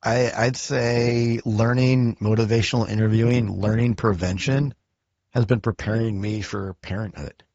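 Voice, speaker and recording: A low, husky-voiced man hosts a podcast in a loose, chatty way, full of fillers. The recording is dry and a bit dull, like lo-fi remote audio. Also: moderate pace, dry recording. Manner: relaxed, chatty, lots of fillers. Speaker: podcast host. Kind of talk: casual interview chat.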